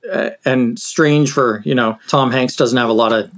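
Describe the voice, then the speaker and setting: A man's voice: medium pitch, steady tone, normal speed, a bit bright. A man co-hosting a casual podcast, talking easygoingly and with enthusiasm, often reacting with laughter. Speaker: podcast co-host. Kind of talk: casual chat.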